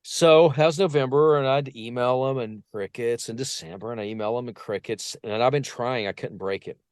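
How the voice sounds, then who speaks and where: A man's voice: medium pitch, fairly quick, clean tone, dry recording, clean studio sound. A man telling stories as a podcast guest, acting out the voices of people he quotes. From Portsmouth. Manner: lively anecdotes, acts out quoted voices. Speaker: podcast guest, vocal coach. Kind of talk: casual storytelling interview.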